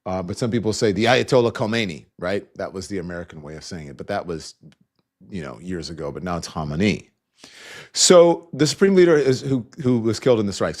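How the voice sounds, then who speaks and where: A middle-aged man hosting a live online news talk show, loose and conversational, greeting viewers and breaking off to talk to his staff. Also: lowish voice. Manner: loose and conversational, with frequent restarts and asides to staff. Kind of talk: live-stream news commentary with viewer shout-outs.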